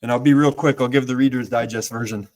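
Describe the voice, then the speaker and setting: Chatty host guy telling quick stories, laughing a lot. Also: medium pitch, fairly even intonation, darkish tone. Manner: chatty, laughs often while telling anecdotes. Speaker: podcast host. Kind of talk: casual chat.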